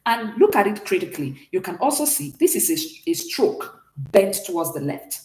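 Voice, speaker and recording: Woman teaching with lively pitch. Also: normal speed, echoey room. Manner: explains patiently, checks in with "okay?". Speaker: French teacher. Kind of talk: online class lecture.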